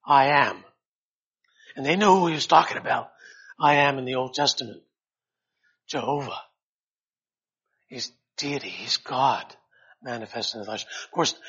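A male preacher with a bright, husky voice delivers a Bible study sermon. His delivery swings from quiet, halting asides to loud, high-pitched quoting of scripture. The recording has a dull, lo-fi sound.

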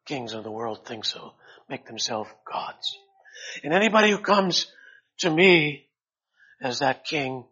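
A male preacher with a bright, husky voice delivers a Bible study sermon. His delivery swings from quiet, halting asides to loud, high-pitched quoting of scripture. The recording has a dull, lo-fi sound. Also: lively intonation.

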